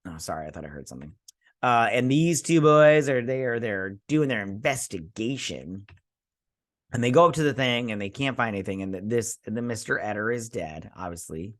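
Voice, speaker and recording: A young man recaps a TV episode in a loose, rambling way, full of ums and false starts. His voice swings widely in pitch as he gets animated. The sound is dry and close, with no room echo. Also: normal speed. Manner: rambling, many fillers and restarts; animated, acts out characters' lines. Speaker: TV show reviewer.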